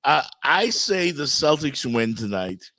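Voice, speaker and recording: A man's voice: medium pitch, very animated, slow pace, pushed and bright, dry recording. A man hosting a casual sports talk show, giving firm, emphatic opinions.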